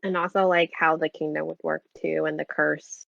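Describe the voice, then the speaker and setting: A woman's voice: deep voice, flat delivery, moderate pace, gravelly, a bit bright, dry recording. A woman co-hosting a book club podcast, chatting casually with lots of fillers and checking for agreement. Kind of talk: casual chat. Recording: dull, dry lo-fi sound.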